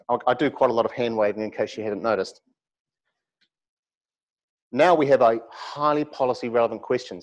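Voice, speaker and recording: A middle-aged man giving a university lecture, lively and animated with humorous asides. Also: mid-range voice, poor audio. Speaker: academic lecturer.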